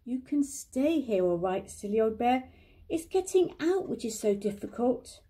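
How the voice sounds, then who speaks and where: A kind, fond young boy speaking gently and calmly, as a grandmother reads him. The tone is mellow and unhurried, sitting high. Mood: gentle.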